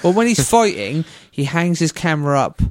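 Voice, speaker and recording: A man's voice: on the high side, fairly quick, no echo, clean studio sound. A man co-hosting a casual podcast, rambling animatedly about retro games and comics. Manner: rambling, animated, puts on comic voices in quotes. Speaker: podcast co-host.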